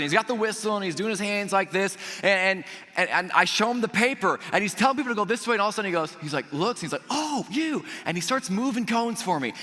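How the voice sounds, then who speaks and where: A man preaching a sermon, telling a personal story in an animated way, acting out the voices he quotes and adding jokey asides. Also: high voice, long reverb tail. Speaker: pastor. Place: church auditorium.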